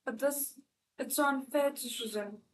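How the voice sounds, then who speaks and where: A woman's voice: high voice, moderate pace, slight background noise, voice pushed up, lightly acted. A woman reading the lines of an angry, grieving young male disciple in an impassioned, pleading way. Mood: tearful. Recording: echoey room.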